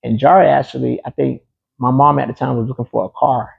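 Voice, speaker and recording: A man's voice: medium pitch, steady tone, fast talker, creaky, breathy edge, narrow, tinny audio. A man being interviewed, telling a personal story in a casual, emphatic way, often repeating key phrases. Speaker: interview guest.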